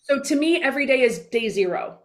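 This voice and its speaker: Forties woman on an interview, high bright voice, blunt, emphatic, acts out little convos. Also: animated, a little fast. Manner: blunt and emphatic, with mild swearing; acts out little dialogues in her stories. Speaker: guest speaker, business coach. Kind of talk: casual interview talk.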